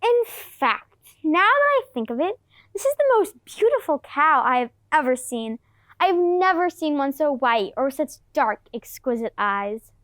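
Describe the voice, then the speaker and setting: A jealous, scheming queen of the gods, as a woman acts her out for a student class play, with a high, swooping voice. She speaks with sugary, theatrical menace. It is recorded dry. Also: very animated, a little slow, fairly bright tone, no room sound, exaggerated voice.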